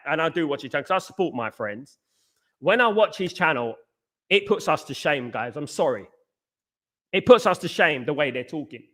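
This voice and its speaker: A man hosts a casual fan live stream and talks bluntly, circling back to the same phrases. His voice sits a little high for a man and sounds bright and forceful. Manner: blunt, repetitive, peppers talk with "mate" and "big up". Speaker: fan channel host reading live chat.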